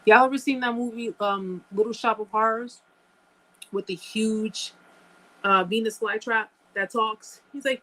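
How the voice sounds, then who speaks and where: A woman's voice: fairly high pitch, normal speed, a bit bright, poor audio. Emphatic woman hosting a live chat. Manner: emphatic, repeats phrases, addresses viewers as guys. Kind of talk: casual live-stream chat.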